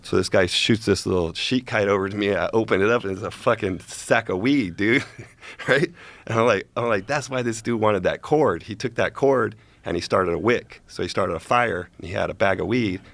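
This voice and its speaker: A man's voice: fairly low pitch, moderate pace, vocal fry, fairly bright tone, no room sound. A man casually telling a long story as a guest, profane and rambling, checking in with "right?" as he goes.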